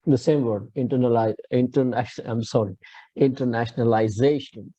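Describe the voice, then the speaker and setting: A man with an Indian English accent teaches pronunciation in a patient, explanatory lecture. His voice is mellow and dry. The audio is slightly muffled and lo-fi. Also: mid-range voice, moderate pace, no echo. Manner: explanatory, patient, asks students to repeat. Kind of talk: classroom lecture.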